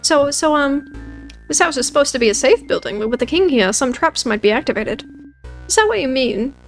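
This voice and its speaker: A woman's voice: high-pitched, lively intonation, normal speed, soft background music. A woman voicing a timid stammering housemaid. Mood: worried. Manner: stammering, apologetic, nervous.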